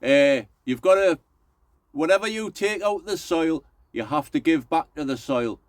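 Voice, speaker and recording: Middle-aged man, rambling folksy chat, slightly high voice, dry close sound. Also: expressive, measured pace, no room sound. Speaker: allotment vlogger. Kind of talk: casual chatty vlog.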